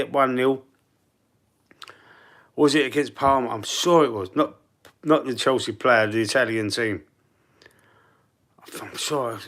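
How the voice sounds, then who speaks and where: A man's voice: mid-range voice, fairly bright tone. A man with a Cockney London accent, chatting casually and rambling on a live football fan stream, reading out the chat.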